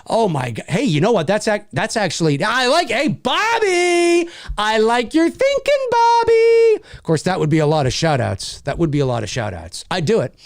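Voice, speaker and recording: A man's voice: a little high, expressive, fast, vocal fry, hardly any pauses, no room sound, studio quality. A middle-aged Canadian man with a Canadian accent, hosting a casual livestream, reading chat comments and repeating himself enthusiastically.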